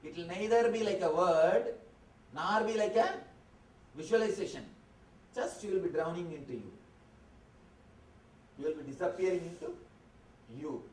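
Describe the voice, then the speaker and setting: A man giving a calm guided meditation talk. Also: a little high, slight background noise. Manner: slow, short phrases, calm instructive. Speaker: spiritual teacher. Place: convention hall. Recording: roomy hall, distant mic, faint ambience.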